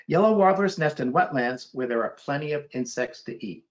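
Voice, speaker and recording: Lively man reading bird calls aloud. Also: a little fast, muffled recording. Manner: animated, mimics bird calls with sudden high hoots. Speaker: children's book author reading aloud. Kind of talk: storytime read-aloud with bird call imitations.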